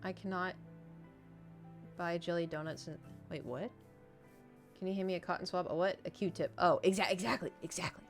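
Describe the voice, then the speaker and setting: A woman's voice: lowish voice, steady tone, normal speed, long pauses, faint music behind. A woman streaming, chatting casually and animatedly with her viewers. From United States. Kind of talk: casual chat with chat.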